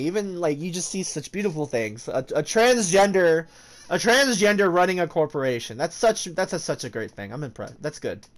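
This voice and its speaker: A man streaming a game, chatting casually with lots of swearing, jokes and laughter. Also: a little high. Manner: joking, swearing, laughing often. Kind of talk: casual gaming commentary.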